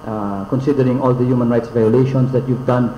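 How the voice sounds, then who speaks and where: A man's voice: mid-range voice, steady tone, brisk, warm tone, roomy sound, highs cut off, a little hiss or hum. A man with a Filipino accent, a congressman guest on a radio interview, talking emphatically and switching languages, with many pointed rhetorical questions. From Philippines.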